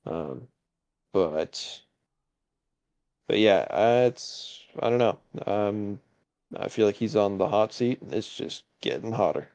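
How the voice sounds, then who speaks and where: A man's voice: on the low side, expressive, slow, pauses often, darkish tone. A man co-hosting a casual sports podcast, talking hesitantly with many fillers and chuckling asides. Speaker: podcast co-host.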